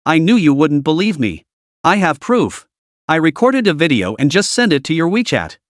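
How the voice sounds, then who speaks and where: A man's voice: a little high, very animated, moderate pace, dry recording, studio quality. A man playing an eager young opera actress. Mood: insistent. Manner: breathless, eager, trembling. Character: passionate young female opera performer.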